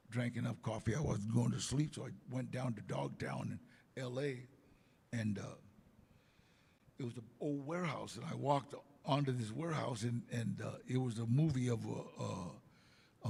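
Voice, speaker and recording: Older man, gravelly and husky, animated storyteller, booming hall echo. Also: normal speed. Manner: animated storyteller acting out quotes. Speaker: interview guest. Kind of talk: casual storytelling.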